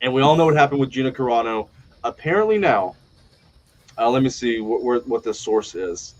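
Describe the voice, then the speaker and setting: A man's voice: mid-range voice, expressive, low-quality recording. Blunt, profane man hosting a chat. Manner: blunt, profane, fast opinionated riffing. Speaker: podcast host. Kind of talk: casual live panel chat.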